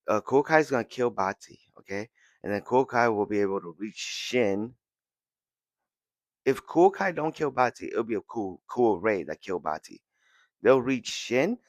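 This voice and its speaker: A man hosting a podcast who recaps a comic chapter with excitement, repeating words and acting out lines. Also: fairly low pitch, no echo. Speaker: podcast host.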